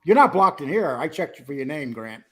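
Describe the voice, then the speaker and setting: Male stream host, husky high voice, teasing and jokey, lively. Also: fairly quick. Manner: joking, teasing, reads chat aloud. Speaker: livestream host. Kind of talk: casual livestream chat.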